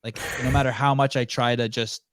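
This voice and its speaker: A man's voice: mid-range voice, little pitch movement, brisk, a bit bright, clear, resonant tone, dry recording, clean studio sound. A man hosting a podcast, telling a story in casual, profane chat and acting out the dialogue. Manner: profane, acts out quoted dialogue. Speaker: podcast host.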